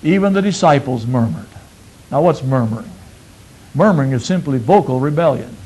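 A man preaching a sermon, asking his listeners questions and repeating phrases, swinging from loud emphatic peaks to quiet low asides. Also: lively intonation, moderate pace, breathy edge, rough recording.

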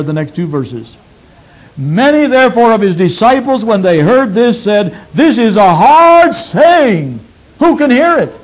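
A man preaching a sermon, asking his listeners questions and repeating phrases, swinging from loud emphatic peaks to quiet low asides. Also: low-quality recording.

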